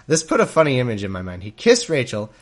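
A man reading scripture aloud and breaking off for wry, joking asides. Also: medium pitch. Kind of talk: Bible reading with comedic commentary.

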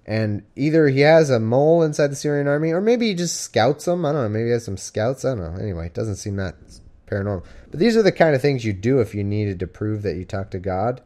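Very animated and fast-talking, a man with a mellow, medium-pitched voice hosts a live stream. He reads scripture aloud casually, interrupting himself with wry, sarcastic, rambling asides.

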